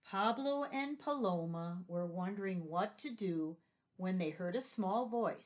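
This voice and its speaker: A woman's voice: mid-range voice, lively intonation, unhurried. A woman teacher reading a children's story aloud and patiently explaining vocabulary and asking questions. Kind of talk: read-aloud vocabulary lesson.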